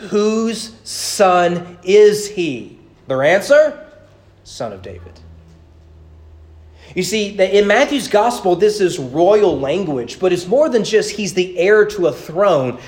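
A male pastor preaching a sermon in church, animated, with rhetorical questions and repeated words. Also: sits high. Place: church sanctuary.

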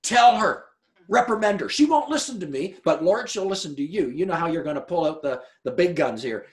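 A man's voice: on the high side, lively intonation, fairly quick, natural voice. A man voicing a frustrated woman who complains about her sister during a sermon. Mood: pleading. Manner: pleading, complaining. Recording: roomy echo.

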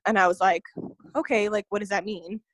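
A woman's voice: medium pitch, steady tone, brisk, no echo. Chatty woman with a dry close sound. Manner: earnest, filler-heavy telling, often says "like" and "you know". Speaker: podcast guest. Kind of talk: personal storytelling in an interview.

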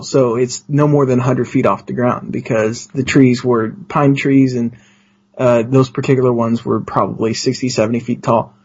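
A man guest on a podcast, telling a story in casual chat, excited, with many restarts. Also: medium pitch, breathy edge. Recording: dull lo-fi sound.

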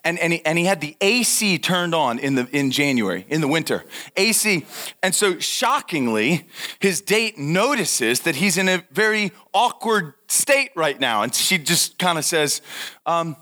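A young man telling a funny story in a talk, animated and laughing, acting out what people said. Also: a little high, unhurried. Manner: animated, laughing, acts out quotes. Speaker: speaker giving a talk.

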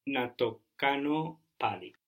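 A man's voice: medium pitch, expressive, a little slow, fairly bright tone. A man studying as a student, answering his tutor's prompts with short, tentative replies. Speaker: language student. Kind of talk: answering in a language lesson.

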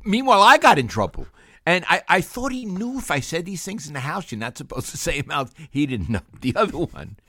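A man's voice: on the high side, a little fast, no echo, studio quality. An older man, co-hosting a podcast and telling family stories with lots of laughter. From Brooklyn, New York. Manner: animated storyteller, laughs often. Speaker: podcast co-host. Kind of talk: casual storytelling chat.

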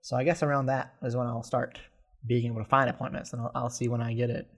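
A man's voice: medium pitch, level tone, quick pace. Incredulous young man, laughing easily. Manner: laughs often, exasperated and incredulous. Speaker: podcast co-host. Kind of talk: casual chat.

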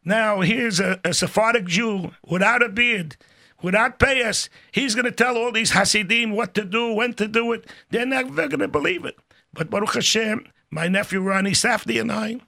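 An older man telling stories in a casual, animated way, acting out the voices of people in them. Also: sits high, vocal fry. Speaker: storyteller guest. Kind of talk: casual spoken storytelling.

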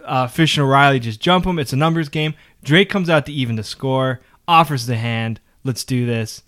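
Bright-voiced man telling wrestling stories. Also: medium pitch, normal speed. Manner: steady storyteller, restarts often with "um". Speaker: podcast co-host. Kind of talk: casual wrestling recap chat.

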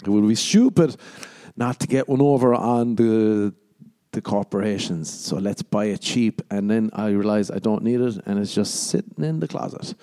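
A man's voice: fairly low pitch, moderate pace, warm tone. Crude Irish man rambling on a podcast. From Ireland. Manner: crude, sarcastic, jumps into mock voices. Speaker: podcast host. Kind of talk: rambling solo podcast chat.

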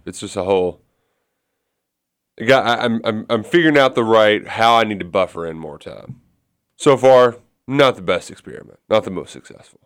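A man's voice: deep voice, clear, resonant tone. A man co-hosting a morning sports radio show, chatting casually and stumbling through his thoughts. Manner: chatty, self-deprecating, restarts a lot.

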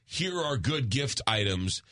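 A man's voice: medium pitch, sing-song, slow, sharp tone. Rambling New York radio host, man. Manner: rambling, repeats words. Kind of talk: casual radio banter.

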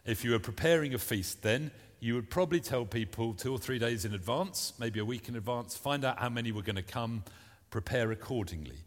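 A man's voice: mid-range voice, a little fast, big-room sound. A man preaching a sermon at a church service, earnest and plain-spoken, reading scripture aloud between his points.

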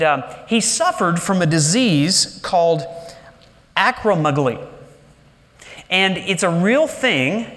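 Male pastor preaching live, high-pitched and lively, dips low and slow for emphasis, church hall reverb. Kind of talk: sermon. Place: large church sanctuary.

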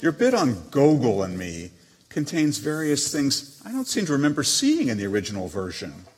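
An actor reading letters as a proud, witty émigré novelist, with a haughty, dryly teasing manner. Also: male voice, mid-range voice, huge pitch swings, moderate pace, a little mellow, husky. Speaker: letter reader. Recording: long hall reverb.

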